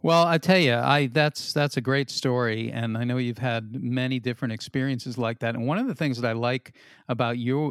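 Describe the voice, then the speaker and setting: A man's voice: mid-range voice, no echo, clean studio sound. A man co-hosting a podcast interview, reflecting on his guest's work and asking questions. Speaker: podcast co-host. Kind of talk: interview conversation.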